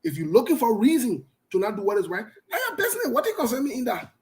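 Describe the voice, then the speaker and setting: A man's voice: extremely high pitch, wildly swooping pitch, rapid-fire, a little mellow, poor audio. A man hosting a radio talk show, giving opinionated commentary in a defiant, passionate way and repeating his points for emphasis.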